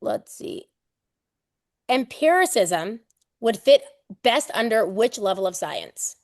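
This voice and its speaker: A woman teaching a live online exam prep class, lively and playful, casual with swearing, acting out everyday examples. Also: on the high side, takes it slowly, no room sound, studio quality.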